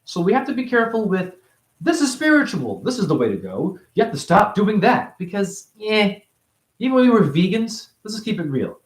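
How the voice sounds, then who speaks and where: A man giving a rambling spiritual monologue, free-associating and preachy, jumping between high exclamations and low mutters. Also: big pitch swings, fairly quick, roomy sound. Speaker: spiritual teacher.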